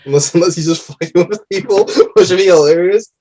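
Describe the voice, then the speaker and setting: A man co-hosting a podcast, chiming in with quick jokes and casual swearing. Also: sits high, darkish tone. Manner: quick, joking interjections, swears freely. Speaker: podcast co-host. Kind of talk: casual chat.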